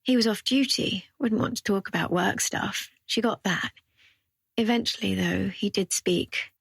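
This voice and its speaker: A woman reads an audiobook thriller in an even, measured way. Her voice has a gravelly fry and a husky grain. The recording is close and dry. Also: mid-range voice, dry recording. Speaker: audiobook narrator. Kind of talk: scripted narration.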